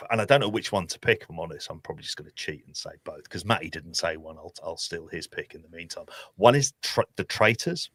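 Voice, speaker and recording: A man's voice: deep voice, animated, a little fast, a bit bright, slightly rough, no echo. A man from Ireland co-hosting a podcast, chatting casually in a blunt, sweary way with laughing asides. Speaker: podcast co-host. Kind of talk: casual chat.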